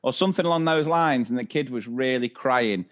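A man, co-hosting a podcast and telling school stories with animated voices for the children. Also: fairly quick. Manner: animated storyteller, acts out kids' voices high and loud. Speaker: podcast co-host and teacher. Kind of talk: casual chat.

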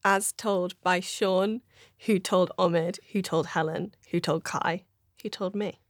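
A woman's voice: fairly low pitch, steady tone, unhurried, dry recording, studio quality. A woman, a comedian, retelling a story in a bubbly, giggly way, with playful asides. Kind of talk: casual storytelling.

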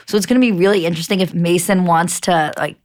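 A young woman co-hosting a casual podcast, with a voice a bit lower than most women's. She talks with excitement and drops casual swear words. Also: fast talker. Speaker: podcast co-host. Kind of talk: casual chat recapping a reality show.

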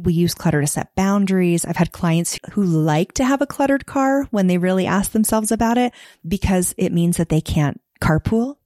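A woman's voice: lowish voice, mellow, no room sound, studio quality. A woman, a professional organizer, talking earnestly and at length as a podcast guest, now and then acting out the voices she quotes. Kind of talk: podcast interview.

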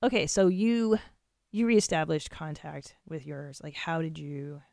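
A woman's voice: low-pitched, expressive, unhurried, gravelly, a little mellow, dry recording, clean studio sound. A woman co-hosting a podcast in casual chat, candid and blunt, swearing freely. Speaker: podcast co-host.

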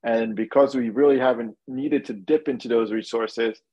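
A man, a guest energy analyst, explaining markets in a brisk, analytical way with frequent restarts, heard over a video call. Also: medium pitch, fairly even intonation, mellow, slightly rough, highs cut off. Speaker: senior oil and gas analyst, guest. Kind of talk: expert commentary.

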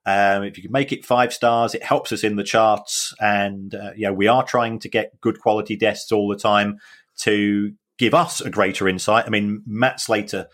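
A man with a low voice co-hosting a podcast in casual chat. He speaks earnestly and with emphasis, and stumbles now and then over his words. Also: fairly even intonation, normal speed, a bit bright. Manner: earnest and emphatic, with some stammering restarts. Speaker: podcast co-host, football finance expert.

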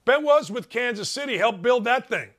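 Lively high-voiced radio host man. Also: moderate pace. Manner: animated, emphatic, repeats phrases for effect. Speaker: sports talk radio host. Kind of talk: energetic talk radio monologue.

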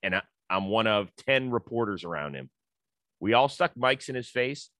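A man's voice: on the low side, animated, moderate pace, pushed and bright, no echo. A middle-aged man hosting a sports talk show, chatting casually and citing stats. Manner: conversational, stat-citing, storytelling.

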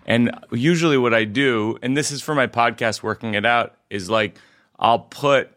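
A man's voice: medium pitch, fairly bright tone, no room sound, studio quality. A comedian guest telling stories in casual conversation, rambling and correcting himself as he goes. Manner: rambling, halting, self-correcting storyteller.

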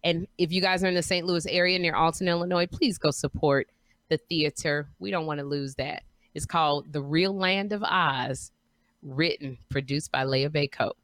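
Excitable woman podcast co-host, dry sound. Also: sits low, normal speed, dry recording. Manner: excitable, gushing exclamations. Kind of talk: casual chat.

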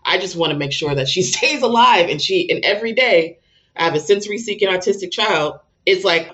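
A woman's voice: mid-range voice, lively intonation, brisk, a bit bright, highs cut off. A woman speaking as a guest and parenting coach, candid and emotional, who acts out her own exasperated outbursts. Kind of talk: candid conversational interview.

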